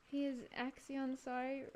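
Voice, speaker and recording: A woman's voice: sits high, warm tone, a little hiss or hum. A woman streamer chatting casually over her travel photos, giggling often and rambling with frequent restarts. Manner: giggly, laughs often between remarks. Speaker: live streamer.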